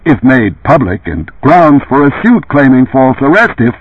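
A detached official voice, put on by a man, droning on as if nobody were listening. It sounds husky and comes through a tinny, phone-like line. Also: mid-range voice, big pitch swings, normal speed, no room sound. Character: cold official male voice on phone.

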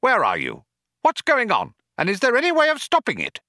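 A man voicing a brisk, knowing man who explains things in an emphatic, hurried way. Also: very high-pitched, huge pitch swings, sharp tone, no echo, clean studio sound, voice pushed up, heavily acted. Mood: furious.

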